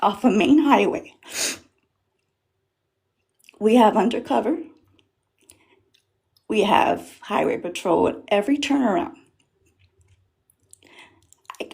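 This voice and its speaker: A woman's voice: medium pitch, gravelly. A Latina woman from South Texas giving emotional, impassioned testimony about being stopped by police, swearing as she grows angry. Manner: impassioned, swearing, rising in anger. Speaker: caller sharing experience.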